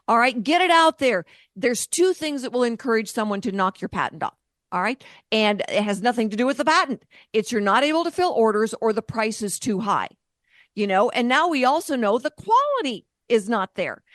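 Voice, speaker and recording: Woman, radio co-host, explanatory, a bit high, dry close sound. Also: animated, moderate pace, fairly bright tone, no room sound. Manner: explanatory, confident. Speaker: co-host, invention expert. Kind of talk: radio talk show conversation.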